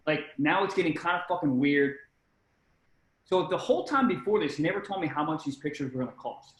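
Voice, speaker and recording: A man's voice: on the high side, expressive, brisk, echoey room, poor audio. A young man, a comedian guest, telling a story in casual chat, swearing freely and acting out the voices in it.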